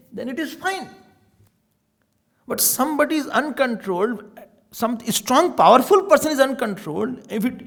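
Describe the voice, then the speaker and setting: A man with an Indian accent, a swami giving a spiritual discourse with animated storytelling and Hindi words mixed in. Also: very high-pitched, gravelly. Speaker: swami giving a scripture talk.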